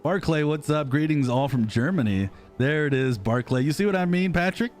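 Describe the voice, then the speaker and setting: On a casual live stream, an American man in his thirties reads viewer comments and rambles, poking fun at himself. He talks at normal speed in a fairly high, expressive voice with a darkish tone, and faint music plays behind him.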